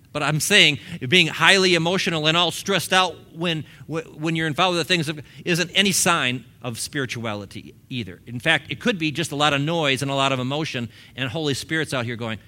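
Bright-toned male pastor preaching conversationally. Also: fairly high pitch, fairly quick. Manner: conversational preaching with laughs and acted-out quotes. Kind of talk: sermon. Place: church sanctuary.

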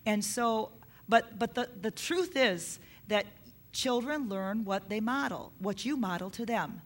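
A woman's voice: a little high, unhurried. A middle-aged woman preaching a sermon on parenting, earnest, repeating her key points for emphasis.

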